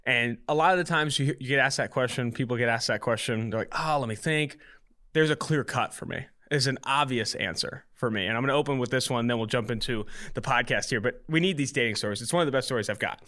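Young guy podcast host, talks fast, bright punchy voice, keeps acting out who said what. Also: medium pitch. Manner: fast, animated storytelling with quoted dialogue. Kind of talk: casual storytelling.

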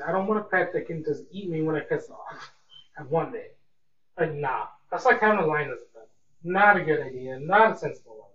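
A young man hosting a casual solo podcast, rambling and repeating words like "really" and "man". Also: fairly high pitch. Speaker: podcast host. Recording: echoey room, distant mic, dull lo-fi sound, faint hiss.

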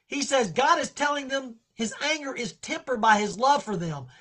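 A man teaching a Bible study in an impassioned preaching style. He pleads with his listeners and swings from quiet, low lines to shouted ones. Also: lively intonation, moderate pace.

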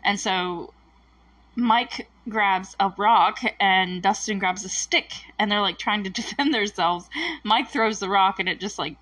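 Woman, casual recap, animated, laughs often, dry sound, a little distant from the mic. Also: medium pitch, measured pace, no room sound. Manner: animated, laughs often, acts out characters' lines. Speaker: recap host.

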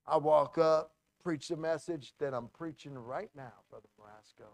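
A man pastor telling a story in a sermon, animated and full of restarts and acted-out quotes. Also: a little high, unhurried, vocal fry, dry recording.

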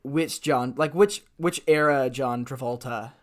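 A man's voice: mid-range voice, a little slow. Easygoing male co-host, loose rambling delivery. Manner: rambling, filler-heavy. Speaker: podcast co-host. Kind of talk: casual comedy chat.

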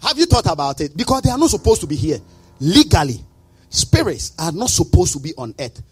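A male pastor preaching a sermon in a rhythmic, sing-song way, breaking into emphatic shouts. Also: a little high, sing-song, brisk, breathy edge, no room sound, soft background music.

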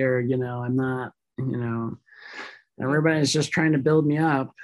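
Deep-voiced woman chatting candidly. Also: fairly even intonation, normal speed. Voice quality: deep feminine voice. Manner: candid, frank, swears casually. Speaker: podcast guest. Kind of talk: casual chat.

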